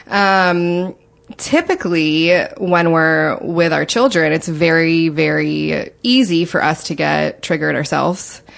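A woman counselor, a podcast guest, explains calmly and in measured terms, pausing on small ums. Her voice sits very low, with a gravelly, creaky edge. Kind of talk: explanatory interview answers.

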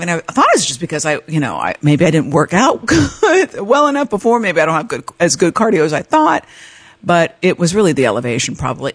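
A woman's voice: sits low, no room sound. A middle-aged woman hosting a podcast, telling a personal story in a chatty, self-mocking way with many fillers. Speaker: podcast host. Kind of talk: casual storytelling monologue.

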